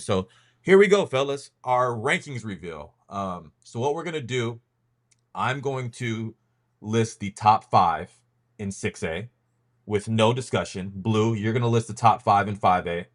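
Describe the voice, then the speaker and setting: A man with a fairly low voice hosts a casual sports podcast. His talk is loose and rambling, full of ums and stop-start restarts as he runs the segment and hands off to his co-hosts. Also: moderate pace, a bit bright. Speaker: podcast host leading a rankings reveal.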